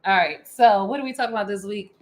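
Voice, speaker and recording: A woman's voice: medium pitch, quick pace. A woman co-hosting a casual chat show, playful and rambling, often breaking into giggles. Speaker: podcast co-host.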